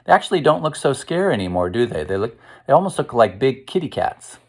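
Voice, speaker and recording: A man reading a picture book aloud to children, stopping often to ask them gentle questions and lead breathing pauses. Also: medium pitch, very animated. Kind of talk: interactive read-aloud for kids.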